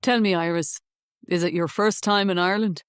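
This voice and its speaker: A woman voicing a kind young male police officer, soft-spoken and sympathetic, in an audiobook reading. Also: fairly low pitch, fairly even intonation, moderate pace, clean tone, no echo, lightly acted. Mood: easygoing. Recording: dry close studio sound.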